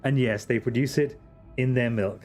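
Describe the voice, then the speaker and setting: A man's voice: medium pitch, steady tone, normal speed, a little mellow, faint music behind. A man streaming a game live, chatting casually and ranting crudely in comic asides. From Britain.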